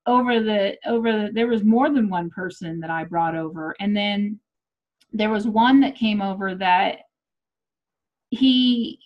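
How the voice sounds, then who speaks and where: A woman's voice: medium pitch, a little slow. A middle-aged woman telling a personal story in casual chat, swearing freely and acting out what people said. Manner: animated, profane, acts out quotes. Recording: muffled lo-fi audio.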